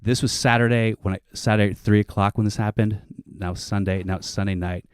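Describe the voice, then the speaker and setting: A man telling a long comic story on a panel show, animated and swearing, acting out other people's lines. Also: lowish voice, fast talker, clear, resonant tone, no room sound, clean studio sound.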